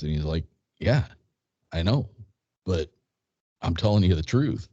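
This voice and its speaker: Low, dark-voiced man in his fifties. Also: expressive, normal speed, pauses often, husky, no room sound. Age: 50s. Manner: rambling anecdote, quotes dialogue, hesitant restarts. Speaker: guest. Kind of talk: casual storytelling. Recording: dull lo-fi sound.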